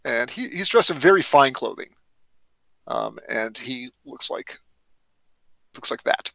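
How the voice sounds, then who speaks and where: A man's voice: medium pitch, animated, a little slow, gravelly, bright, forceful tone, no room sound, low-quality recording. A man narrating as game master in a tabletop role-playing game, often hesitant and restarting his sentences. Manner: hesitant, many fillers and restarts.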